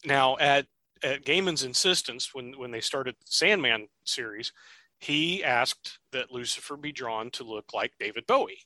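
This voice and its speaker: A man co-hosting a casual podcast, chatty and quick to laugh, often restarting his sentences. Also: medium pitch, pushed and bright, no room sound. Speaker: podcast co-host. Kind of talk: casual chat.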